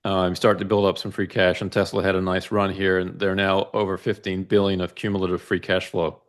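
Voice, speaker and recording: A man with a fairly low voice explains financial charts in a methodical, conversational way. He steps through each figure carefully and often checks in with a quick "right?". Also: flat delivery. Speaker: investment analyst guest. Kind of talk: casual financial discussion walking through charts.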